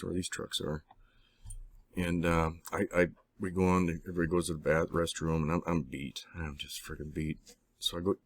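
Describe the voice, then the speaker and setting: A man being interviewed, telling a personal story in a halting, rambling way with many restarts and some swearing. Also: low-pitched. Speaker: interviewee recounting personal experiences. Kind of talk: casual spoken storytelling.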